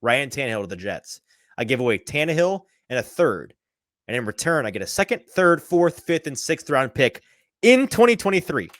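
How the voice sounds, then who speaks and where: A man hosting a sports podcast, talking casually in an animated, sarcastic way, firing off ideas with quick restarts. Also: mid-range voice, dry recording, studio quality. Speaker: podcast host.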